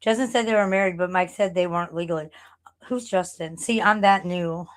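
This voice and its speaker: A woman's voice: lowish voice, fairly quick. A woman live streamer chatting casually and rambling, blunt and profane, often laughing.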